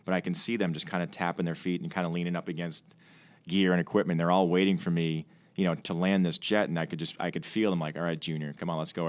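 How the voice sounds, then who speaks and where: A man with a very low voice talks fast as he tells a casual podcast story about flying. He keeps restarting sentences and fills the gaps with ums and you-knows, the way a Navy pilot chats with a fellow aviator. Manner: rambling with frequent restarts and fillers. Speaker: Navy fighter pilot and training officer. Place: podcast studio.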